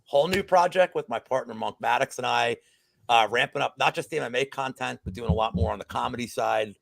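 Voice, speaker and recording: A man guesting on a sports betting show, chatting casually, excitable and swearing freely. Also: medium pitch, a little fast, vocal fry, dry recording. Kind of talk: casual chat.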